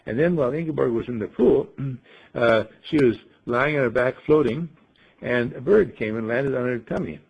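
A man giving a talk, rhetorical and playful as he tells his stories. His voice is gravelly and very husky, at an ordinary pitch. It comes through a dull, lo-fi recording. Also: moderate pace. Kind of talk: storytelling talk.

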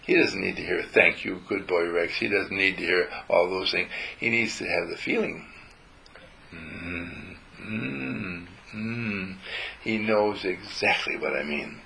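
A man giving a gentle spiritual talk to a group, telling stories and acting out how he talks to his dog. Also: deep voice, gravelly, a little hiss or hum, low-quality recording.

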